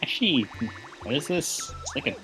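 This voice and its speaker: A man's voice: fairly high pitch, wildly swooping pitch, fairly quick, sharp tone, soft background music. A man chatting casually on a livestream, with a laid-back, dry, joking manner. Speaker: co-host on stream.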